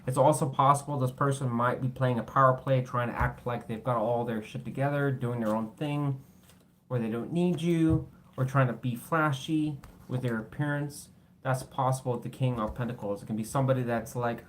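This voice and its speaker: A man's voice: medium pitch, fairly even intonation, moderate pace, a little hiss or hum. A man doing a casual tarot reading, blunt and swearing freely, tired, with his voice cracking. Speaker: tarot reader.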